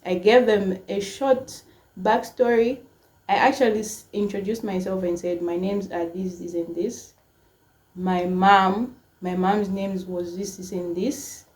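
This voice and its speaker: A woman's voice: mid-range voice, a little slow. Young woman telling a personal story. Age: 20s. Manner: emotional, frequent "like" fillers, animated quoting. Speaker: storytime vlogger. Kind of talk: casual storytelling to camera.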